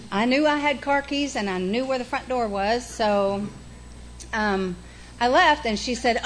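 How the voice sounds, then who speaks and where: A woman's voice: medium pitch, normal speed, a little hiss or hum. A middle-aged woman, candidly sharing her recovery story in a frank, profane, self-mocking way. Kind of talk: candid personal testimony.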